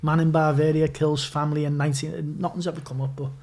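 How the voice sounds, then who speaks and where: A Liverpool man with a Scouse accent, speaking fast in a fairly high, darkish voice with a flat delivery. He's a podcast guest telling casual, rambling anecdotes full of swearing and restarts.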